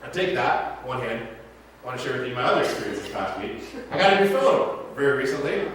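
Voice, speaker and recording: A man's voice: mid-range voice, fairly bright tone, slight background noise. A man in his thirties, a pastor telling stories in a casual, chatty sermon full of asides. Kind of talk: conversational sermon storytelling. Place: church sanctuary. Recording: very echoey hall, mic far off.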